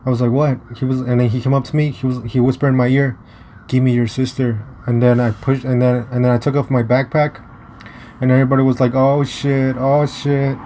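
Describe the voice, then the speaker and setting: A young American man with a warm, medium-pitched voice and flat delivery tells a story for a casual vlog, rambling and halting with many restarts and fillers. He is blunt and swears heavily, with a faint hiss of noise in the background.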